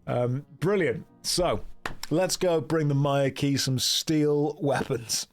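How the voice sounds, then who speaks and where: A man's voice: fairly high pitch, takes it slowly, faint music behind. A British man chatting casually on a game stream, joking, mocking himself and reading out chat. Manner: joking, self-mocking, reads chat aloud.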